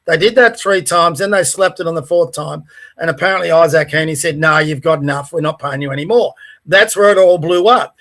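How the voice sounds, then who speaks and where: Pushed, bright, and pitched high, this Australian man co-hosts a podcast and vents in a heated, casual exchange. He's blunt, furious, and heavily profane.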